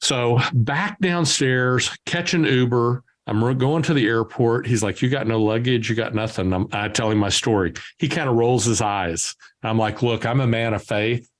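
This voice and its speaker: Man telling lively stories. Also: mid-range voice, moderate pace, few pauses. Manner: lively anecdotal storyteller, acts out dialogue. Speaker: guest entrepreneur. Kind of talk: conversational storytelling.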